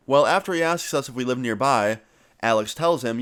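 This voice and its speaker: A young man vlogger telling a story in a casual, animated way and swearing freely. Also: mid-range voice, fairly quick.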